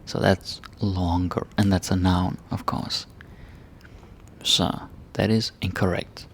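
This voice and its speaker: A man teaching a casual grammar lesson, relaxed and checking in with "right?" and "eh?" as he explains. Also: sits low, slow, slight background noise. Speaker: language teacher.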